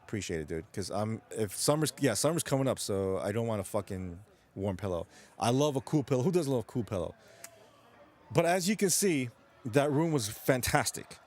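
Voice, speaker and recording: A man hosts a late-night stream, chatting loosely with viewers and mentioning he came from New York. He rambles, swears a lot, and restarts sentences, speaking expressively at a moderate pace in a mid-range, slightly mellow voice.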